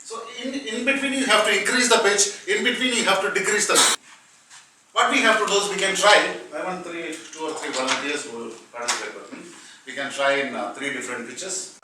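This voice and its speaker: A man's voice: high voice, fairly quick, background noise. A man with an Indian English accent running a public speaking workshop, explaining step by step and putting questions to the room. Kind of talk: classroom workshop lecture. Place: training room with a live audience. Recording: echoey room, mic at a distance.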